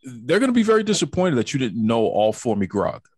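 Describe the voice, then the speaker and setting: A man's voice: mid-range voice, very animated, brisk, darkish tone, no echo, clean studio sound. A man hosting a podcast in casual interview chat, jokey and teasing in playful banter. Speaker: podcast host. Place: home studio in Boston.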